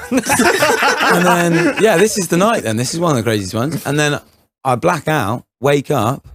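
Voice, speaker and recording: A man's voice: on the high side, expressive, normal speed, noisy background. A young man telling a rambling story on a casual podcast, full of fillers, restarts and laughter. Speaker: podcast co-host.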